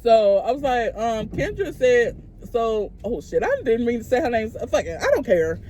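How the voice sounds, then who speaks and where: A young woman vlogger telling a casual story straight to her viewers, animated and profane. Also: a little high, normal speed, a little hiss or hum.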